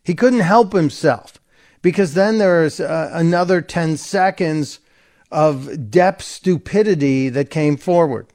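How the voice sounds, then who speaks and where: A male talk radio host speaking from a studio with a fairly high voice for a man. He delivers sarcastic, opinionated commentary in a loose, conversational way. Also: slow, a little mellow.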